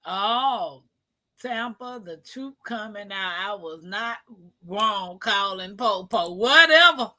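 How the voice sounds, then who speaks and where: A woman's voice: mid-range voice, slow, pushed and bright. A woman, hosting a casual chat and teasing her guest with frequent laughs. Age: 40s. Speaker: show host.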